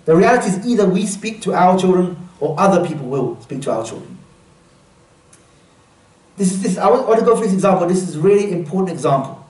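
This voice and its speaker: Man, workshop speaker, earnest, quizzes the audience, high voice, echoey room, mic some way off. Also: lively intonation, quick pace, a little mellow, recorded from a distance. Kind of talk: religious workshop talk.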